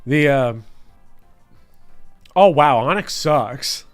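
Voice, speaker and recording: A man hosting a Let's Play, chatting and telling stories in a laughing, animated way. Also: medium pitch, very slow, faint music behind. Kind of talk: casual gaming commentary.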